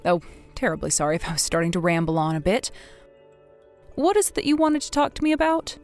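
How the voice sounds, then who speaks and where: A woman's voice: fairly low pitch, very animated, darkish tone, soft background music. A woman playing a stern, blunt older mother. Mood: calm. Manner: measured, firm, scolding. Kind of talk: scripted text-message drama reading.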